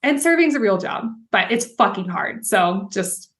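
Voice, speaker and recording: A woman's voice: mid-range voice, animated, moderate pace, fairly bright tone. A young adult woman hosting a podcast as a life coach, talking in a casual, candid monologue with frequent laughs and swearing.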